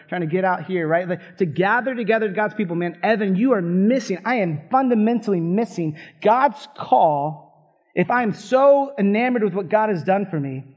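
A high-voiced man preaches a sermon with fired-up, conversational energy and quick asides to his listeners. The recording sounds a little dull and muffled. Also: darkish tone. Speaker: pastor.

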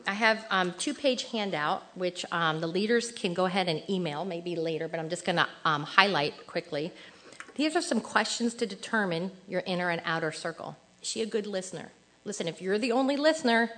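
A middle-aged woman giving an informal sermon to women, chatty and animated, acting out little quoted lines. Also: mid-range voice. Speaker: women's ministry speaker.

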